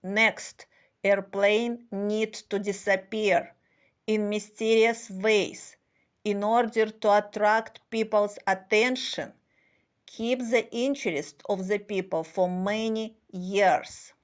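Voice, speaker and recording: Woman, spiritual speaker, unhurried and halting delivery, muffled lo-fi recording. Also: mid-range voice, fairly even intonation. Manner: slow, deliberate, halting phrasing with non-native grammar. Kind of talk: slow scripted monologue.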